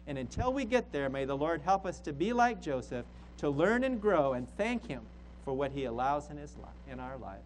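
High, lively-voiced pastor preaching a sermon. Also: male voice, normal speed, a little hiss or hum, poor audio. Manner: emphatic, repeats phrases for stress.

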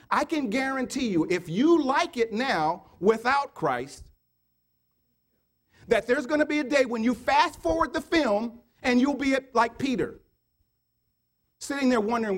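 A man preaching a sermon, firing repeated rhetorical questions at the congregation and swinging from loud urging to low murmured asides. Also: animated, a little slow.

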